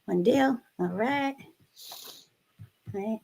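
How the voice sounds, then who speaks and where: A woman from Massachusetts with a Boston accent, co-hosting a casual live stream and murmuring quietly as she works. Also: a little high, slow pace, vocal fry, slight background noise.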